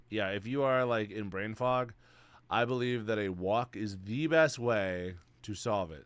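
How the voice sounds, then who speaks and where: A young man streaming, chatting casually in a rambling, slang-heavy, excitable way. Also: fairly low pitch, unhurried, clean tone, no echo. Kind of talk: casual chat.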